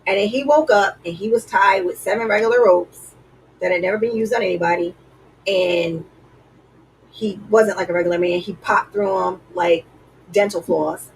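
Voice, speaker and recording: A woman's voice: medium pitch, moderate pace, vocal fry, far from the mic, a little hiss or hum, rough recording. A woman vlogger giving earnest, preachy relationship advice in a casual way, with lots of "like".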